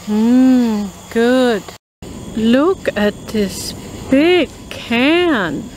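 A woman talks through a food review in a slow, unhurried, chatty way, sounding out label text carefully. Her voice sits a little high for a woman. She is recorded outdoors on a phone, with crickets and insects faintly heard behind her. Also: a little hiss or hum, low-quality recording. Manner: chatty, reads labels aloud slowly. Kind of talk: casual product review vlog. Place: outdoors in a rural yard at night.

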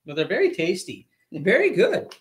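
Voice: mid-range voice, wildly swooping pitch, moderate pace, a little hiss or hum. A product review host chatting on a casual livestream, laughing often and reading packaging aloud.

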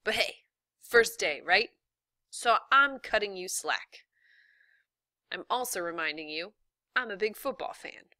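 A woman voicing a stern middle-aged male school official who gives slow, pointed warnings in a read-aloud story. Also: medium pitch, lively intonation, pushed and bright, no echo, clean studio sound.

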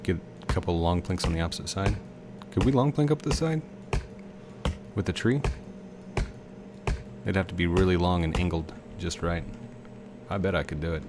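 Thirties male game host, very low voice, chatty and rambling, noisy mic with game sounds behind. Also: flat delivery, normal speed, pauses often. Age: 30s. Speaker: let's play host. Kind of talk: casual gameplay commentary.

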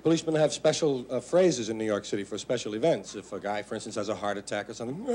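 Wry male stand-up comedian, lively pitch. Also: quick pace. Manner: wry, storytelling, conversational. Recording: live show, noisy crowd.

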